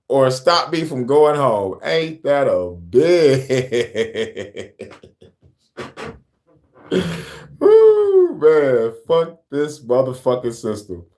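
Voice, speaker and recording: A man's voice: on the high side, lively intonation, slow. A man co-hosting a casual political talk show, laughing often and cursing heavily as he reacts. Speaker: podcast co-host. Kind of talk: casual profane political commentary.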